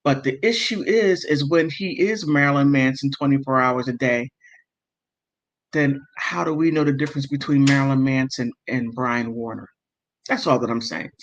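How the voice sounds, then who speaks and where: A man's voice: medium pitch, a bit bright. A man hosting a livestream, reading chat comments aloud and riling himself up, often stopping to apologize and correct himself. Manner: emotional, heated, self-interrupting and apologetic. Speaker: livestream host. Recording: dull lo-fi audio.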